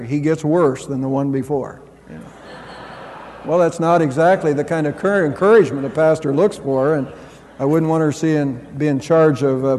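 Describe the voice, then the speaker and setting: High-voiced man preaching in a reverberant hall. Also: darkish tone. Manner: earnest preaching with frequent restarts. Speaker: pastor. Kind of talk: sermon.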